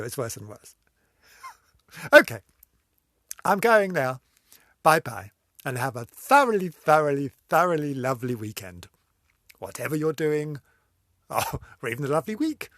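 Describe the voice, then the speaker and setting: A man's voice: medium pitch, big pitch swings, measured pace, pauses often, fairly bright tone, dry recording, clean studio sound. A man hosting his own video series, rambling through a comic sign-off, giggling and repeating himself.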